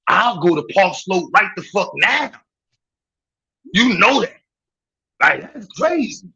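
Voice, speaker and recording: Ranting on his livestream, this Brooklyn host with a New York accent mocks and swears, breaking into bursts of laughter. He talks slowly yet very animatedly in a high, gravelly, husky voice that is bright and forceful, over poor audio.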